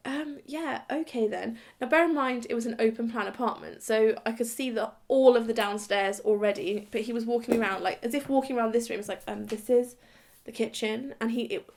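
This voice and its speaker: A woman in her thirties, a vlogger, tells a comic story about her past in a rambling, chatty manner. She giggles often and slips into little performances of the dialogue. Her voice sits a touch high for a woman. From Britain.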